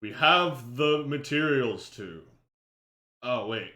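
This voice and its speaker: A man's voice: medium pitch, sing-song, fairly quick, fairly bright tone. A man co-hosting a casual podcast chat, jokey and playful. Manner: jokey, playful, does mock infomercial voice. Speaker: podcast co-host.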